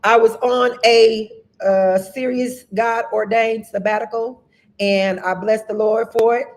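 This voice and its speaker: A woman minister hosting a livestream, giving announcements in a lively, preacher-like way and greeting viewers by name. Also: on the high side, slow. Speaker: host and minister. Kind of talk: livestream announcements and shout-outs.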